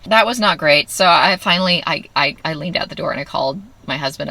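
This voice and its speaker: A woman's voice: on the low side, brisk, sharp tone. A woman telling a candid personal story in a wry way, acting out what others said. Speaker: vlogger.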